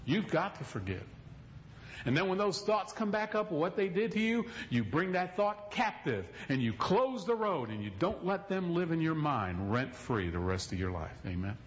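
A man's voice: a little high, very animated, moderate pace, dull audio. A male pastor preaching a sermon in a folksy, emphatic storytelling manner, recorded in a church.

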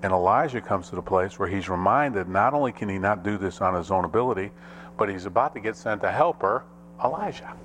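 A man preaching a sermon as pastor, with dramatic rises and drops in pitch and pace. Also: lively intonation, brisk, fairly bright tone, a little hiss or hum.

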